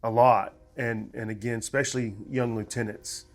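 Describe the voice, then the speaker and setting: A man, a veteran hosting an interview, chatting in a relaxed, conversational way with easy laughs. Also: medium pitch, moderate pace. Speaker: podcast host, veteran. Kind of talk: casual interview chat.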